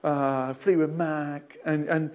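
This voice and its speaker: A man's voice: fairly high pitch, level tone, takes it slowly, darkish tone, muffled recording. A male pastor with an Australian accent, telling a rambling anecdote in a sermon with lots of restarts and chuckles. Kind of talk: storytelling sermon.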